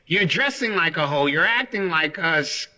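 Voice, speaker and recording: High bright-voiced man, casual vlog talk. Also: animated, moderate pace. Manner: repeats points, tags lines with "right?". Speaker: vlogger. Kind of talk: casual monologue to camera. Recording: roomy echo.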